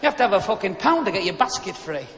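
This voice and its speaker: Profane comic in an echoey hall. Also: male voice, high voice, big pitch swings, fast, fairly bright tone. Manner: profane, blunt, punchy delivery. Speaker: stand-up comedian. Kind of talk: crude stand-up routine. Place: live venue with an audience. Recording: echoey live hall with background noise.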